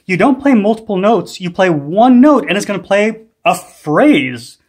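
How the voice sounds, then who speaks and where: Husky-voiced man explaining gear, fairly high. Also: sing-song, darkish tone. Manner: unhurried, with frequent ums and restarts. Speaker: music gear tutorial host. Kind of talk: casual instructional demo.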